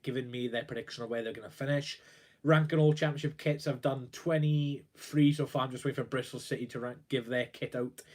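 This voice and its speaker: A young man talking on his own live stream about his football club, rambling and worried, with plenty of fillers and restarts. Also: medium pitch. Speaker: football fan livestreamer. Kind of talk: casual live-stream commentary.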